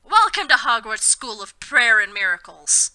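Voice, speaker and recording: A young woman reads fanfiction aloud with sarcasm, breaking off into animated banter and swearing. Her voice is bright and sharp, sitting a little high. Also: moderate pace, smooth. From Florida, USA. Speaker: podcast co-host reading fanfiction. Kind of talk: comedic dramatic reading and banter.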